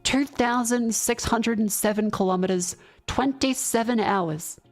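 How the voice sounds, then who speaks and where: A woman's voice: fairly high pitch, unhurried, soft background music. A young Australian woman chatting casually on a stream, telling a rambling, sweary road-trip story and reading out chat.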